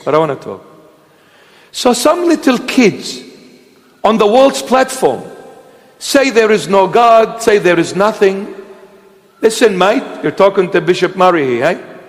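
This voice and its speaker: A man's voice: sits high, very animated, a little slow, pauses often, big-room sound. A man serving as a bishop, preaching a sermon in an emphatic, exhortative manner and repeating short commands.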